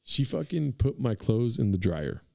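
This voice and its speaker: A man's voice: medium pitch, sing-song, unhurried, creaky, background noise. Rambling, profane young man telling a story. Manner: profane, rambling, says "dude" constantly, addresses listeners. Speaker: podcast host. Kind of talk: casual comedic storytelling.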